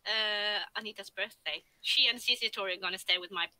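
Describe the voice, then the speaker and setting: A woman co-hosting a casual livestream chat, playful and quick to laugh. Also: medium pitch, bright, forceful tone, dry recording, low-quality recording. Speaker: stream co-host.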